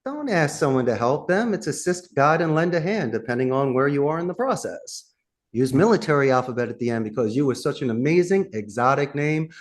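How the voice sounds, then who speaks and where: An American man, a guest telemarketing trainer in a podcast interview, coaching in a punchy way with lots of rhetorical questions and slowing down to stress key points. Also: medium pitch, lively intonation. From United States.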